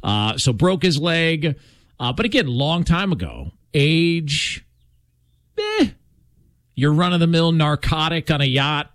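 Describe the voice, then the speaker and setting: A man's voice: on the high side, unhurried, fairly bright tone, no echo. A man hosting a sports talk show, talking casually with lots of fillers and asides. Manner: conversational, many fillers and asides.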